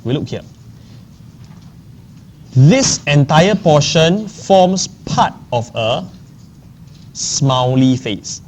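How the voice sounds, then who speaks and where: A man's voice: a little high, animated, extremely slow, pauses often, a little mellow, slight background noise. A man lecturing a maths class. He often checks in with the class and repeats key phrases. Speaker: maths teacher.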